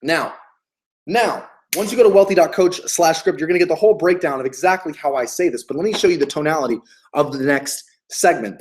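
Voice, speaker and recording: A man's voice: on the high side, normal speed. A man giving a motivational sales coaching talk, emphatic and hyped, repeating key phrases and swearing freely. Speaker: business coach.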